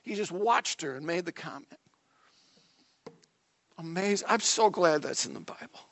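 A man with a notably high voice preaches a sermon to his congregation. He talks in a conversational, animated way and often breaks off for dramatic asides. His loudness swings from soft, intimate remarks to emphatic lines. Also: normal speed. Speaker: pastor.

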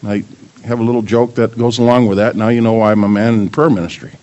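A man's voice: on the low side, fast, dull audio. An older man preaching a sermon, firing rhetorical questions at the congregation and joking with his grandchildren. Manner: animated, asks the audience many questions. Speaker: pastor.

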